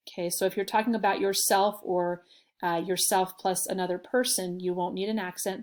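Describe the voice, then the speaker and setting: A woman explaining a lesson as a teacher, in patient, clear classroom talk that stresses key sounds. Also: medium pitch. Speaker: Spanish teacher.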